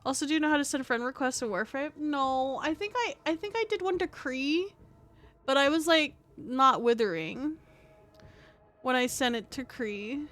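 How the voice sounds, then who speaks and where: Her high-pitched, fairly bright voice moves at a moderate pace as this tired woman, throat scratchy, rambles through a casual game stream. Fillers pile up, she swears freely, and she keeps joking at her own expense.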